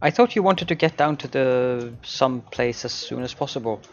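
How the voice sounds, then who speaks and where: A man's voice: medium pitch, expressive, moderate pace, highs cut off. A man hosting a co-op let's-play, chatting casually with dry, wry remarks.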